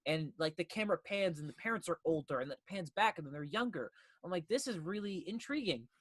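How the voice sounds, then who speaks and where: Animated, bright-voiced male podcast host. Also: high voice, fast talker, dry recording. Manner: animated, swears freely, acts out reactions. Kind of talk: casual film discussion.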